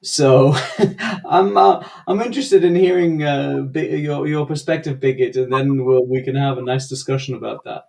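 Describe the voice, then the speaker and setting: A man's voice: medium pitch, fairly even intonation, fairly quick, vocal fry, few pauses, darkish tone. Easygoing man co-hosting a discussion. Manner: easygoing, laughs easily, many fillers and restarts. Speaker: co-host and coach. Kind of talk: casual panel discussion.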